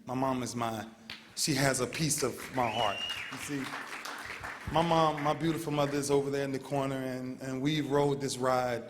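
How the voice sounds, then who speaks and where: A man's voice: medium pitch, fairly even intonation, normal speed, a crowd in the background, noisy background. A man in his thirties giving an emotional, heartfelt banquet speech, repeating his phrases with earnest feeling. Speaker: award speaker. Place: large banquet hall. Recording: long hall reverb.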